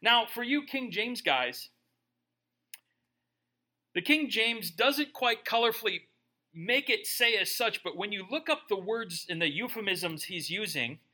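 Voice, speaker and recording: A male pastor in his thirties delivering a sermon with a high, bright voice. He talks to the congregation in a chatty, joking way. He keeps tossing in rhetorical questions like "right?". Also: animated, measured pace.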